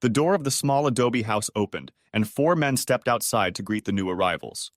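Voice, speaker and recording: A man narrating a dramatic story audiobook in an expressive storytelling manner, dropping low on dialogue tags. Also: normal speed, no room sound, clean studio sound. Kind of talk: scripted narration.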